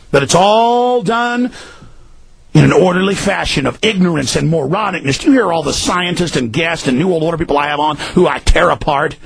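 A hoarse man hosting a talk radio show, ranting and pleading, shouting often with his voice breaking high. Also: fairly quick, dry recording, rough recording. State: hoarse from screaming. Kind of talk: impassioned talk radio rant.

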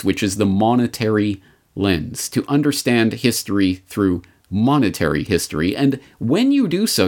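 A man hosting a history commentary show, speaking in a measured, deliberate way with sardonic asides. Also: on the low side. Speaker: podcast host.

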